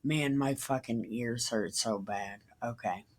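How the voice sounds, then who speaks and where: A woman reading a Bible passage aloud and breaking off into profane, confused, deadpan asides. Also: extremely low pitch, takes it slowly, slight background noise. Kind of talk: irreverent casual Bible reading with commentary.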